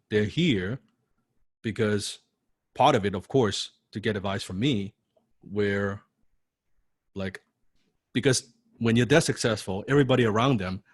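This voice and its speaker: In a live online coaching class, a male copywriting coach with a lower voice talks bluntly and profanely, repeatedly asking "right?" and repeating key lines for emphasis. There's no room sound in the recording.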